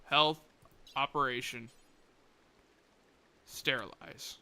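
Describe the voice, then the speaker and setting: A young man streaming a colony game live, muttering to himself, swearing and breaking into sudden excited outbursts. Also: mid-range voice, very slow, clean tone. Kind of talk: live gameplay commentary.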